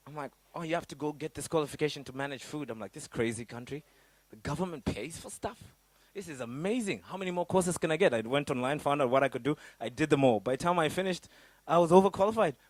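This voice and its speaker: A middle-aged man from Africa giving a motivational business workshop, swinging between loud high bursts and low quiet asides. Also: dry recording. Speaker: business coach.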